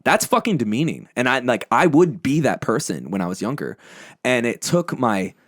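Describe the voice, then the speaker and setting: A young man, the lead singer of a band, appears as a podcast guest and tells personal stories bluntly and with intense emotion, swearing heavily in casual conversation. His medium-pitched voice has a sing-song quality at a normal speed, captured in a dry, studio-quality recording.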